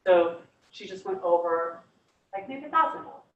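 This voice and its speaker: A woman's voice: on the low side, lively intonation, normal speed, highs cut off. Chatty young woman in an echoey room. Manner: enthusiastic, chatty, fillers like "like" and "you guys". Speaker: guest speaker. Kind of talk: casual motivational talk. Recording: echoey room, far from the mic.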